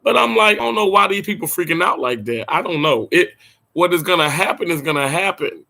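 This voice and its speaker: Chatty hoarse man on a livestream. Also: high-pitched, expressive, a little fast, sharp tone. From Mississippi. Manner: chatty, playful, laughs often, drawls words out. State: a little hoarse. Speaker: livestream host. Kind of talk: casual livestream chat greeting viewers. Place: hotel room.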